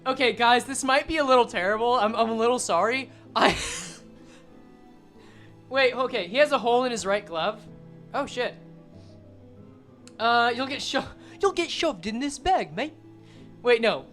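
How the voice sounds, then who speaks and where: A woman's voice: a little high, a bit bright, soft background music. A woman streamer reading game text aloud and commenting casually, swearing and joking as she goes. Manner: casual, swearing, quick jokes.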